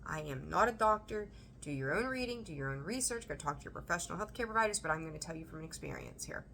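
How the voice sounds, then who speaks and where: A woman reading tarot for her viewers, emphatic and animated, repeating phrases for emphasis and swearing now and then. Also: low voice, very fast, slight background noise. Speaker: tarot reader. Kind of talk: intuitive tarot reading to camera.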